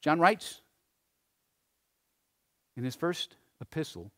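A man preaching a sermon, swinging between loud emphasis and hushed phrases, often repeating words as he presses a point. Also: a little high, expressive, moderate pace. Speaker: pastor.

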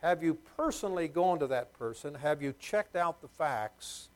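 A man's voice: on the high side, lively intonation, normal speed, low-quality recording. A middle-aged man delivers a sermon in a slightly raised voice. He leans hard on key words, repeating them, and keeps putting questions to the congregation. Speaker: pastor.

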